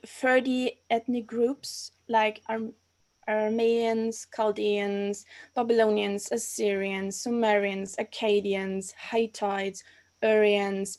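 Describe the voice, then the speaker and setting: A young woman in her twenties with an Austrian German accent, speaking English as a guest in a casual interview. Her voice sits on the higher side. She talks hesitantly, often restarting her sentences while searching for the right English word. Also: darkish tone. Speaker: guest, archaeology master's student. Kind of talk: casual interview over a live stream.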